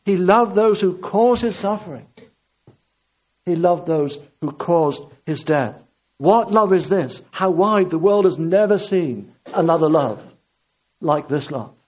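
Male preacher, high voice, fervent repeated refrains, dull lo-fi recording. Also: a little slow, darkish tone. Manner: impassioned, repetitive emphatic preaching. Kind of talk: sermon.

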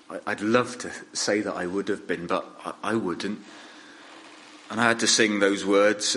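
A man preaching a sermon in a measured, earnest way, with pauses between phrases. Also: on the low side, bright, forceful tone, a little hiss or hum, rough recording.

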